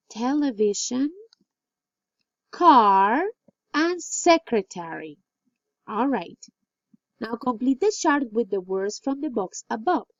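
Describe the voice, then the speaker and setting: Slow, lively woman teacher. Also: on the high side, no echo. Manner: slow, clear drill reading with praise. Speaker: English teacher. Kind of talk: recorded classroom lesson. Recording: dull, lo-fi dry recording.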